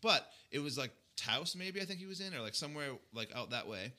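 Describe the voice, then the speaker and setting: A man appearing as a podcast guest, talking in casual chat with halting phrasing, many fillers and swearing. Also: fairly high pitch, lively intonation, pushed and bright. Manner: halting, filler-heavy, profane.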